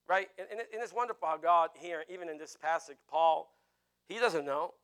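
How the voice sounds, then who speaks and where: Male preacher, high, bright and forceful; emphatic and repetitive delivery. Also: fairly quick, clean tone. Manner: emphatic, repeats phrases, chuckles often. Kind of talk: sermon.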